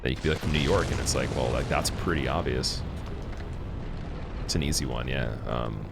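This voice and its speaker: A man's voice: extremely low pitch, a little fast, gravelly, over music. A man from Canada chatting casually with viewers while streaming a game, rambling with plenty of fillers. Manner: rambling, many fillers and restarts. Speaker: livestreamer.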